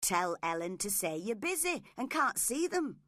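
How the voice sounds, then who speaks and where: A woman's voice: mid-range voice, sing-song, normal speed, fairly bright tone, no room sound, clean studio sound. A woman voicing a sullen, jealous young man who speaks bluntly and resentfully. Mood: scheming.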